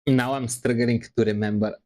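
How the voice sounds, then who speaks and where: A man streaming and chatting casually, teasing his friends in a halting way. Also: mid-range voice, steady tone, a little mellow. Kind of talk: casual chat on a live stream.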